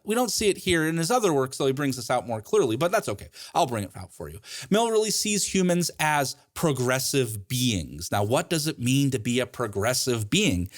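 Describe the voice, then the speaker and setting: A man lecturing as a college ethics professor, joking and laughing at his own asides. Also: medium pitch. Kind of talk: recorded lecture.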